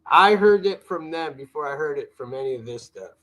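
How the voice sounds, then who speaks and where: A man's voice: on the high side, lively intonation, fairly quick, pushed and bright, poor audio. A man hosting a live stream, giving blunt, mocking, profane reaction commentary.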